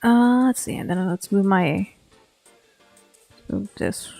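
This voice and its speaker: Streaming from home, this woman VTuber keeps up casual live chat as she works, meandering, cursing without restraint, and peppering everything with "like." Her mid-range voice is gravelly and somewhat dark, animated but slow, with faint music underneath.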